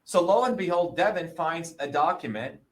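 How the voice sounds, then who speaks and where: A man in his sixties, a guest in an interview, talking in a combative, profane and emphatic way, often pausing to ask "okay?" or "you see?". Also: a little high, animated. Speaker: interview guest, presidential candidate.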